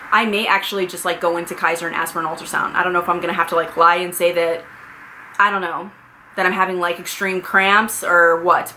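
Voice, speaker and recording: Woman, 30s, vlogger: bright, chatty, anxious edge, home camera mic with faint noise. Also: on the low side, rough recording. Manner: chatty, filler-heavy, anxious and candid. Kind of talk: casual pregnancy update vlog.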